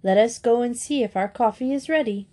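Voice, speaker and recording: A woman voicing a kindly but stern father who talks in a measured, formal way. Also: on the high side, warm tone, close to an everyday voice. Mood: explaining.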